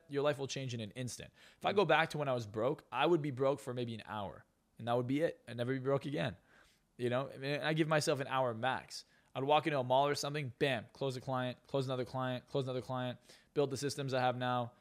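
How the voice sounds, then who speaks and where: A man, a hypnotist and success coach, telling boastful stories as a podcast guest. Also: medium pitch. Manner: fast, boastful storytelling. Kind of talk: casual podcast interview.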